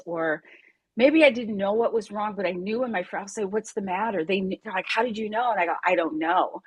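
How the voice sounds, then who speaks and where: A soft-spoken woman, a Pilates instructor, speaking earnestly in a conference panel conversation and laughing often. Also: mid-range voice, breathy edge, dry recording.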